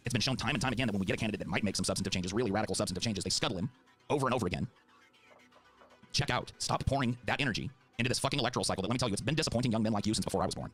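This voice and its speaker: A middle-aged man pleads his case in an impassioned debate, cursing freely and pressing every point. His voice sits low, and the words tumble out at a breakneck pace. Faint music runs underneath. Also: very fast, a bit bright. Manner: fiery, profane, heartfelt. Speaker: political debater.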